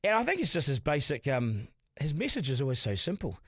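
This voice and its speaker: Fast-talking New Zealand man hosting. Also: a little high, huge pitch swings, slightly rough, dry recording, clean studio sound. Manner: warm, chatty, laughs often, says "eh?". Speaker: podcast host. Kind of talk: casual interview chat.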